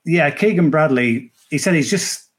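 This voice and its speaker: A man's voice: fairly high pitch, moderate pace, breathy edge. A man chatting casually as a golf betting guest on a podcast, rambling with many restarts and fillers. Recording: remote, at the tournament venue.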